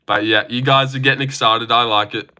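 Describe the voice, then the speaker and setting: A man's voice: medium pitch, fairly even intonation, a little fast, pushed and bright, clear, resonant tone. A young man hosting a casual live stream from his phone, joking, swearing now and then and answering chat comments.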